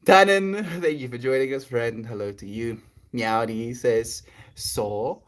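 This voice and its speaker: A man chatting casually on a spiritual livestream, reading and answering his chat in a gentle, rambling, affectionate way. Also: mid-range voice, unhurried.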